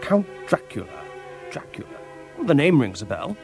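A man acts out a lazy, wine-loving Victorian lord in an audiobook drama, jovial and drawling in a posh way. His voice sits a little high and moves in lively leaps, with quiet music beneath. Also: moderate pace.

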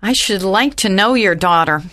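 A woman voicing a humble, soft-spoken widow in a dramatized audiobook, murmuring hesitantly. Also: medium pitch, lively intonation, normal speed, natural voice. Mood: soft, timid.

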